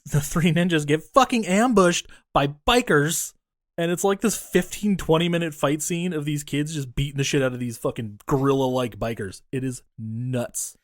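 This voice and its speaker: A man co-hosting a casual movie-review podcast, talking in an animated, profane way and acting out scenes in funny voices. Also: fairly high pitch, normal speed, no echo, studio quality. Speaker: podcast co-host.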